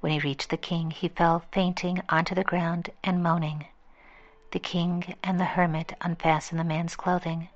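A woman reading a fable aloud in a steady, measured way. Her voice is lowish and stays flat, with little melody. The recording sounds dull and lo-fi. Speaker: storyteller.

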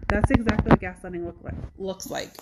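A woman hosting a podcast in casual chat, animated, acting out quoted dialogue. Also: mid-range voice, a little fast, very noisy. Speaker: podcast host.

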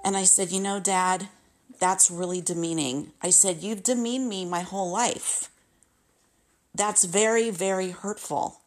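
A woman in her late fifties candidly and emotionally retells a personal story, often repeating herself. Her medium-pitched voice is fairly even and a little slow, with faint music in the background.

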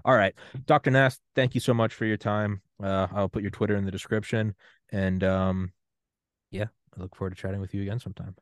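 A man with a very deep voice hosts a casual podcast interview, joking and acting out little voices as he goes. The sound is dry and close to the mic, with no room around it. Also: steady tone, brisk, dry recording. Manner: joking, acts out quoted voices. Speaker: podcast host.

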